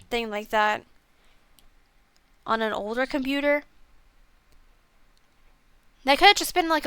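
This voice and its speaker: A woman's voice: a little high, a bit bright, smooth, no echo. Rambling young woman streamer. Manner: rambling, self-deprecating, lots of fillers. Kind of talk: casual game review chat.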